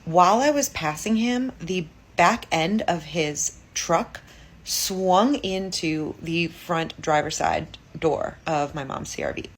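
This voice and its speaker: A woman with a notably low voice speaks casually to camera in a direct, matter-of-fact way. Faint background noise sits behind her.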